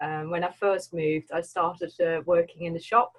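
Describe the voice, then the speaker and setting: A woman's voice: fairly low pitch, fairly even intonation, moderate pace, poor audio. A woman from the Netherlands with a Dutch accent tinged by Birmingham speech, chatting casually as a guest, laughing often and hesitating with fillers. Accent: Dutch with Birmingham (Brummie) tinge. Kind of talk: casual chat.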